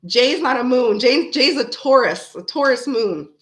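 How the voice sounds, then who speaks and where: A woman's voice: high voice, expressive, unhurried. A woman in her thirties hosting a live tarot stream, chatting in a frank, rambling way and often laughing. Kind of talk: casual live-stream chat.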